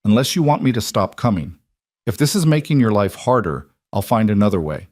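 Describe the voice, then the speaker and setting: Male narrator voicing a frontier cowboy; earnest, plain-spoken, gentle but firm, low-voiced. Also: sing-song, fairly quick, dry recording, clean studio sound.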